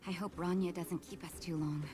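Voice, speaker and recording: A calm, reassuring woman from a video game, voiced by a woman. She speaks a little lower than most women. Clear background noise runs under the game audio. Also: brisk, lightly acted.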